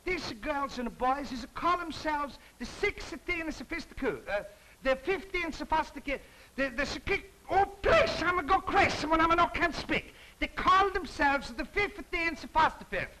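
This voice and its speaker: A man's voice: very high voice, expressive, moderate pace, a little hiss or hum, full character voice, low-quality recording. A man putting on a frantic mock-Italian announcer. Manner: broken English, frantic and flustered, shouting. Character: excitable male stage announcer, mock Italian accent.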